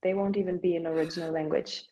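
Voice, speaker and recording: A woman's voice: lowish voice, fairly even intonation, fast, dark tone, poor audio. A woman from Germany, a guest on a podcast, explaining things in casual chat with short phrases and many "like"s.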